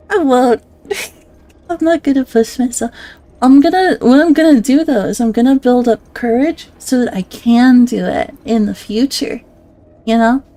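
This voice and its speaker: A woman's voice: fairly high pitch, mellow. A woman streamer chatting casually on a live stream, giggling often, self-conscious and swearing a lot.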